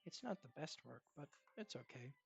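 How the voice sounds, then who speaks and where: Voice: mid-range voice, animated, gravelly. A game master doing a weary, sickly young man. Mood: weary, shy. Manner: soft, hesitant, halting. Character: tired, sickly young grandson, shy. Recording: muffled online call audio.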